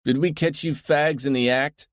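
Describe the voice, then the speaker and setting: A man voicing a drunk, rowdy young heckler who shouts jeering taunts. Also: mid-range voice, expressive, moderate pace, no echo, clean studio sound, pitched above the performer's own voice, natural voice.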